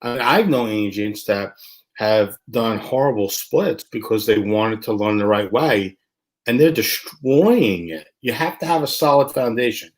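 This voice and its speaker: A man's voice: lowish voice, unhurried. A man hosting a casual interview, chatting in a conversational way and asking follow-up questions. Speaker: interview host.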